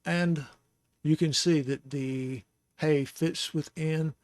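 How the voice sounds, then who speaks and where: A man's voice: a little high, fairly even intonation, a little mellow, no echo, clean studio sound. A man teaching the Hebrew alphabet in a patient, casual lesson, with small jokes and chuckles along the way. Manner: slow, patient, joking asides with chuckles.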